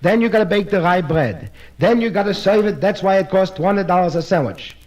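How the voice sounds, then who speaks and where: Brief: a comic playing a sharp deli owner, quick and persuasive, voice pitched high. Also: male voice, expressive, highs cut off. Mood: explaining. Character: deli owner man, shrewd and fast-talking.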